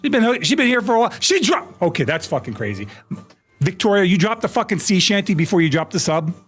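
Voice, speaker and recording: A man's voice: high voice, sing-song, fast talker, husky. A young man live streaming, ranting at his chat in mock exasperation, swearing and laughing. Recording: faint music behind. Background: faint music.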